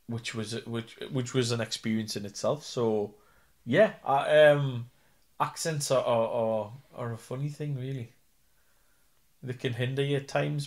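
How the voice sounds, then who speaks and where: A man's voice: mid-range voice, a bit bright. Chatty Geordie man. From North East England. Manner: chatty and self-deprecating, many fillers and restarts. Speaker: actor and singer. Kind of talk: casual interview chat.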